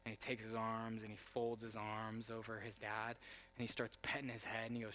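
A young adult man preaching a sermon, moving between quiet storytelling and loud, emphatic preaching. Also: fairly low pitch, level tone, brisk. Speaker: pastor.

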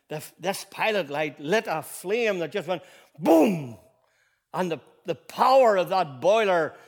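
A male pastor delivering a sermon in a fairly high voice, trailing off quietly at times, then building to emphatic, rising declarations with repeated phrases. His words ring out with a long hall reverb behind them. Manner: conversational storytelling with restarts.

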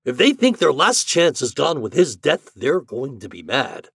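A man voicing a scheming, chubby male propaganda chief in an audiobook story, pushy and persuasive, pitched a little higher than his narration. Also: wildly swooping pitch, normal speed, creaky, fairly bright tone, breathy edge, no room sound, clean studio sound, heavily acted. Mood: persuading.

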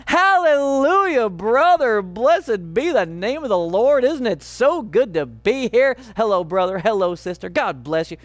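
A man's voice: high-pitched, sing-song, unhurried, hardly any pauses, no echo, voice pushed up. A pastor putting on an overly pious, syrupy male churchgoer with fake cheer. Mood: gushing.

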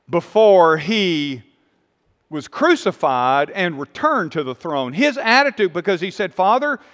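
A man's voice: high-pitched, a bit bright. Emphatic preacher man in a reverberant hall. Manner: emphatic, rising and falling delivery with repeated phrases. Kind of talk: sermon.

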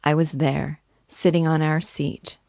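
A woman giving a gentle, measured reading of a classic novel. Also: deep voice, little pitch movement, creaky, no echo, clean studio sound. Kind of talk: audiobook-style literary reading.

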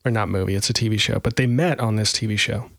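A man's voice: lowish voice, fairly even intonation, fast, vocal fry, a bit bright, no echo, studio quality. A man co-hosting a casual podcast, talking in a rambling, self-deprecating way with lots of fillers. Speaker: podcast co-host. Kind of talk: casual chat.

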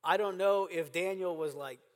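A man's voice: high voice, normal speed, big-room sound. A man preaching a sermon as pastor, earnest and emphatic, repeating phrases for stress. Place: church sanctuary.

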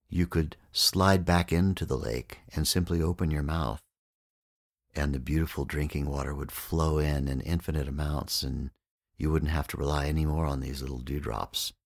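Guy doing a calm kind yogi in a story, patient and gentle, really deep voice. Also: vocal fry, heavily acted. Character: calm, kindly wandering male yogi.

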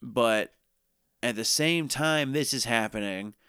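A man's voice: mid-range voice, takes it slowly, a bit bright, smooth, no room sound, studio quality. A young man co-hosting a podcast, recapping a TV episode in casual, crude, joking chat. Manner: joking, crude, quotes characters in silly voices. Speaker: podcast co-host recapping a TV show.

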